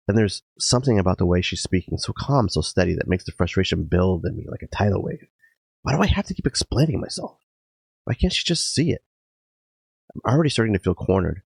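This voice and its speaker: A man hosting a podcast, narrating a personal story in a dramatic first-person style, intense and emotional with sudden loud outbursts. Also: deep voice, gravelly, breathy edge, no room sound. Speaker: podcast host. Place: garage.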